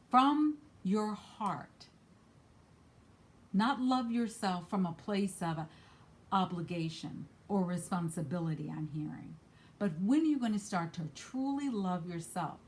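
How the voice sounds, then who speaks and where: An earnest woman reads spiritual cards and talks straight to the listener. She comes down hard on the words she cares about and says them more than once. Then she falls back to quieter asides. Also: fairly low pitch. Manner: earnest, emphatic, repeats key phrases. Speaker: card reader. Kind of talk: spiritual card reading.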